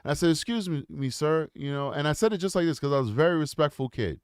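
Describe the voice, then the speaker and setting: A man's voice: fairly high pitch, animated, rapid-fire, smooth, no room sound, studio quality. A man hosting his own channel, telling a personal story and commenting in an earnest, reflective way that builds to impassioned rhetorical questions. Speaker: channel host.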